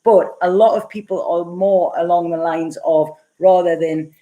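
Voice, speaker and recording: A woman's voice: on the low side, steady tone, normal speed, background noise. A middle-aged woman giving a casual live tarot reading and answering viewer comments, chatty and rambling, often laughing and using plenty of fillers. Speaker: tarot reader.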